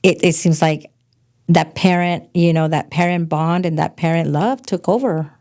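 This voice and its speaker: Frank, lower-voiced woman telling stories. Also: moderate pace. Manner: frank, animated storyteller. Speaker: podcast guest, host's mother. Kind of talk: casual storytelling chat.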